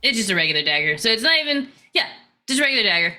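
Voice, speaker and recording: A woman playing a tabletop game, self-deprecating and quick to laugh. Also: on the high side, sing-song, bright, forceful tone. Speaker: player.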